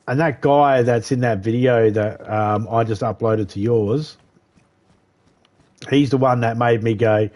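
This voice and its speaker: A man's voice: medium pitch, steady tone, a little slow, darkish tone. A man chatting casually on a live game stream, swearing freely, laughing often and rambling. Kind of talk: casual gaming chat. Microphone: headset.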